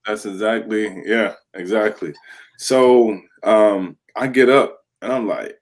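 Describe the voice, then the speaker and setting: A man in his thirties, a former pro football player appearing as an interview guest, tells his story candidly in a fairly low, slow voice. He's an animated storyteller who acts out the voices of the people he quotes and laughs along the way.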